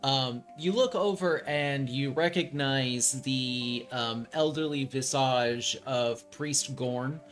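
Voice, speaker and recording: A man narrating a tabletop role-playing game as game master, relaxed and full of ums and likes. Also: medium pitch, takes it slowly, hardly any pauses, soft background music.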